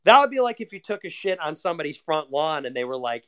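Sardonic young man, slightly high voice. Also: sing-song, quick pace, hardly any pauses, a bit bright, clear, resonant tone. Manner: sardonic, swearing, laughs often. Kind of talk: casual rant.

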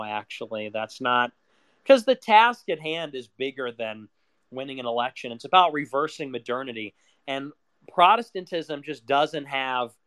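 A man's voice: mid-range voice, pushed and bright, no echo. A young man from Chicago, a political commentator in a sarcastic, profane solo rant. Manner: sarcastic, profane, rapid-fire.

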